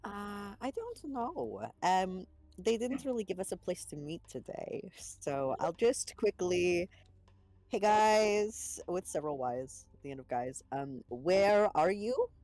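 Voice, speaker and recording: A woman player in a tabletop role-playing game, chatty and lively. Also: on the low side, unhurried, no room sound.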